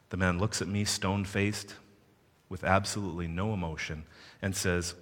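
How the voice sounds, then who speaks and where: Deep-voiced man telling a story in a hall. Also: normal speed. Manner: animated, playful asides to the audience. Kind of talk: personal storytelling. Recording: long hall reverb.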